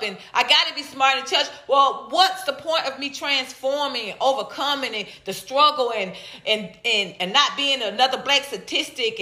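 A woman from Atlanta, a stand-up comedian, chatting on a vlog in an animated, playful way with drawn-out teasing repeats. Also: high-pitched, echoey room. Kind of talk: casual vlog reading viewer comments.

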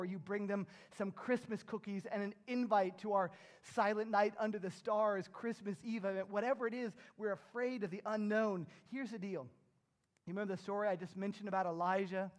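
A middle-aged pastor delivers a sermon with a high voice for a man. He preaches earnestly, building to emphatic surges.

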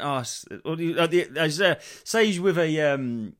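A man's voice: on the high side, brisk. A man, hosting a solo comedy podcast and rambling sweary stories with lots of restarts. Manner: rambling, sweary, animated storytelling. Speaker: podcast host.

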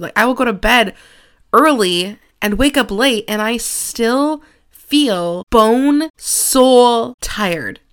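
A woman's voice: mid-range voice, a bit bright, clean tone. Candid, swearing young woman podcast host. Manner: frank and confessional, swears casually, frequent "like" fillers. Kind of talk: candid solo podcast monologue.

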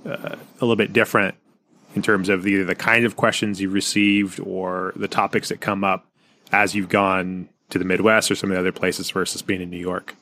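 Very deep-voiced affable podcast host. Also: male voice, little pitch movement, brisk, sharp tone, a little hiss or hum. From Pacific Northwest of the US. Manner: easygoing and affable, stammers on openings. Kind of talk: casual interview chat.

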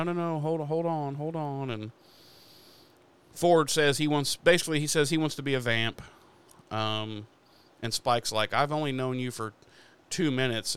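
A man casually retelling a TV episode for a podcast, swearing often and slipping into quick quoted lines. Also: on the low side, fairly bright tone, clear, resonant tone. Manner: swears freely while retelling episode scenes. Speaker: podcast host. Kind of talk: casual recap chat.

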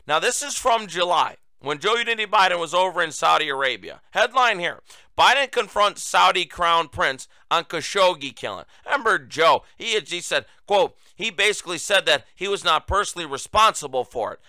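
A man hosting a political commentary show, sarcastic and combative, mocking his targets and pushing his voice up to near-shouting for emphasis. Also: high-pitched, very animated, moderate pace, no echo. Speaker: host.

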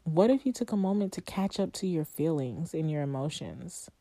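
Woman host, deep mellow voice, unhurried reflective monologue, dry close sound. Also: lively intonation, no room sound. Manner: heartfelt, conversational, with long pauses and rhetorical questions. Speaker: podcast host. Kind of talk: reflective solo podcast monologue.

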